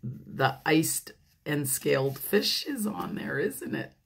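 Slow, animated woman pastor reading aloud. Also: low-pitched, gravelly, slight background noise. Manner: animated, laughing often, talking to the listeners. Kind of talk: reading a picture book aloud to children.

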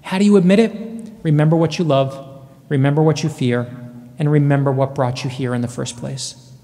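A man in his forties giving a commencement address, telling stories earnestly with dramatic pauses. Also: fairly high pitch, fairly even intonation, dark tone. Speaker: commencement speaker. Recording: long hall reverb.

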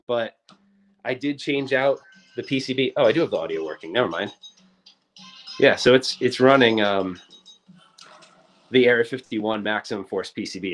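A man in his forties hosting a casual livestream, rambling in an upbeat way and often trailing off and restarting his sentences. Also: medium pitch. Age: 40s. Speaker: livestream host.

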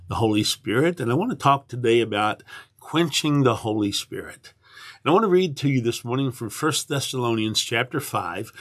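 Older guy pastor doing a morning devotion, earnest, takes his time, mid-pitched voice. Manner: earnest and unhurried, with repeated restarts. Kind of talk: livestreamed morning devotion sermon.

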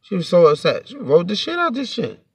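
A man's voice: high voice, wildly swooping pitch, quick pace, vocal fry, breathy edge, no room sound. A man telling a storytime to his vlog audience in a heated, profane, rambling rant, sitting a bit back from the mic.

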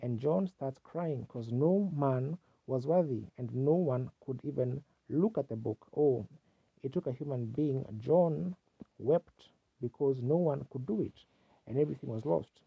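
A man's voice: medium pitch, unhurried, creaky, breathy edge, no room sound. A man preaching a sermon with fervent exclamations, heard on a dull, lo-fi archival tape.

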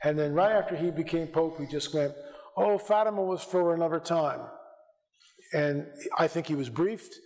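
High-voiced man preaching fiery exhortation. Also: moderate pace. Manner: urgent, exhorting, builds to shouted rebukes. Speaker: conference speaker. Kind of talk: fiery conference lecture. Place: church auditorium. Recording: reverberant church hall.

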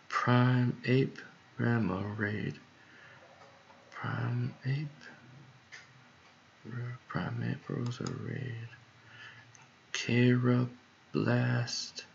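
In a gravelly mid-range voice, a songwriter mutters lyric ideas to himself, quietly trying out word pairs. His delivery is flat, with drawn-out words and long pauses, and a dull lo-fi mic adds faint noise.

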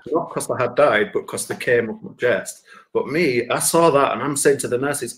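A man telling a rambling, sweary personal anecdote, jumping up loud when he quotes himself. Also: mid-range voice, moderate pace. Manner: sweary, animated, rises to shouts when quoting himself. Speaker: storyteller. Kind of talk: casual anecdote.

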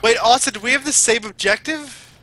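High, bright-toned man asking questions. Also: a little fast, a little hiss or hum, poor audio. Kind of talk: casual group chat after a game.

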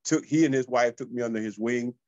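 A man, a real estate coach telling motivational stories to listeners in a lively, high-energy way. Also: quick pace, no echo, muffled recording. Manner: high-energy, animated, addresses listeners as y'all. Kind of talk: motivational storytelling.

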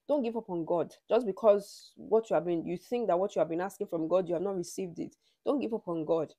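A woman's voice: lowish voice, warm tone, dry recording. A woman giving a conversational devotional teaching and leading a prayer, with frequent "you know" asides.

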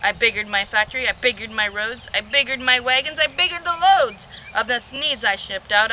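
A woman's voice: fairly high pitch, fairly quick, hardly any pauses, bright, forceful tone, slight background noise, rough recording. A woman reading a rhyming children's story aloud in a playful, rhythmic way. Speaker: reader.

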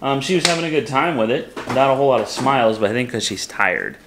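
A man's voice: medium pitch, animated, quick pace, background noise. A man filming a home vlog, cheerfully coaching his daughter through a painting activity with short repeated cues. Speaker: vlogger and father. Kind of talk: casual vlog, coaching a child through art. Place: home, indoors.

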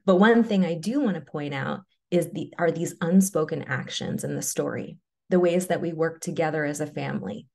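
A woman reading a personal story aloud in a measured, low-key way, then presenting to an audience. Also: vocal fry, darkish tone. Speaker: webinar presenter.

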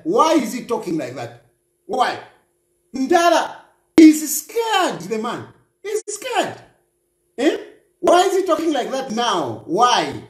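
Mocking man, high lively voice. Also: slow, pauses often, reverberant. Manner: mocking, repetitive rhetorical questions. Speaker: political commentator. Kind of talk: reaction commentary on a news clip.

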